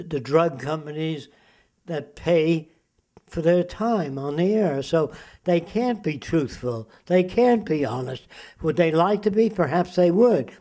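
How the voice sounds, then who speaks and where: Older man lecturing emphatically, fairly high. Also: dark tone. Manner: lecturing, emphatic, asks rhetorical questions. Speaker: interviewee, futurist. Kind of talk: interview monologue.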